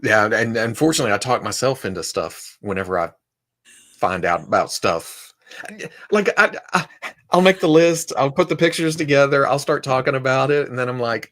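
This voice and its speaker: A man with a Southern US accent talks casually and rambles through his stories, laughing along the way. His pitch sits in an ordinary middle range. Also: animated, moderate pace, fairly bright tone. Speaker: toy content creator and podcast guest. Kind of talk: casual chat.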